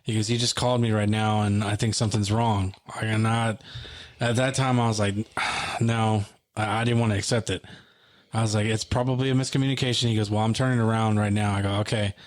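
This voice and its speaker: Low, flat-voiced man telling a story. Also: fast talker. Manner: retells events by acting out quoted phone dialogue. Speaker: podcast co-host. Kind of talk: emotional storytelling in casual conversation.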